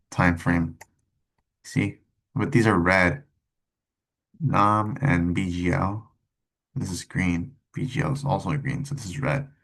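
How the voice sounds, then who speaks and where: A young man giving casual, rambling commentary on stock charts, cussing and tossing in quick asides. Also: sits low, gravelly, a bit bright. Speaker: stock trading streamer.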